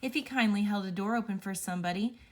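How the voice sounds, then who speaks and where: A woman reading a children's picture book aloud, telling it with playful, expressive storytelling. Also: medium pitch, fast talker. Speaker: storybook reader.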